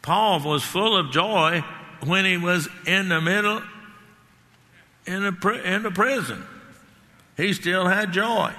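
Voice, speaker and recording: Slow, bright-voiced preacher in a reverberant hall. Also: male voice, a little high. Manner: emphatic preaching, repeating key words, rising on lines of scripture. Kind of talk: sermon.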